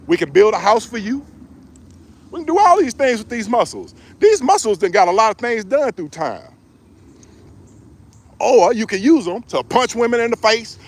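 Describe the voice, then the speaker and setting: A man's voice: high voice, big pitch swings, normal speed, long pauses. A middle-aged man giving relationship advice in a joking, preachy way. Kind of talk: casual advice monologue.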